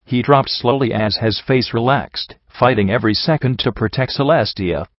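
A man's voice: mid-range voice, moderate pace, no room sound, highs cut off. A man narrating a dramatic first-person story in an earnest, emotional reading.

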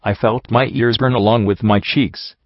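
A man narrating a first-person story in a steady, unhurried reading voice, on a dull lo-fi recording. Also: fairly low pitch, no room sound. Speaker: audiobook reader.

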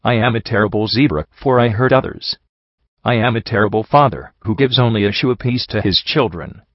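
A man's voice: lowish voice, a little fast, no echo, close to an everyday voice. A man voicing a good but silly male zebra who frets and pities himself, in a dry, dull recording. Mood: self-pitying. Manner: self-pitying, fretting.

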